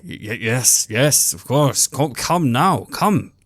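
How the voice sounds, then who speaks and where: A man voicing an older grandfather who speaks haltingly and stammers. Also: medium pitch, lively intonation, fairly bright tone, dry recording. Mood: worried. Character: older grandfather, gruff worn-out father.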